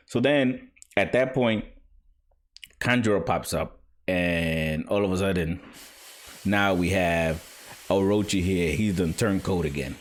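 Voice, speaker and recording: A man speaking in a somewhat low voice, reviewing manga in a loose, rambling way. He is opinionated and full of fillers, talking from his home basement. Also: slow, pauses often. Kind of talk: casual spoken review.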